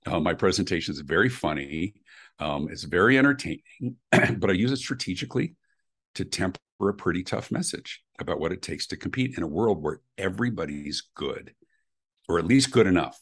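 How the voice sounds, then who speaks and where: Middle-aged guy, intense emphatic interview guest, low voice, swings all over in pitch. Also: lively intonation, fairly quick, fairly bright tone, slightly rough. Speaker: guest, customer experience speaker. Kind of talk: animated interview answers.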